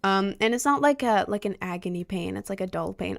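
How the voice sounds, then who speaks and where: A young American woman streams live, chatting casually and reading viewer comments aloud as she rambles through stories full of fillers and sudden lively outbursts. Her voice is medium-pitched, brisk, and creaky. She uses a desk mic, sometimes leaning in close.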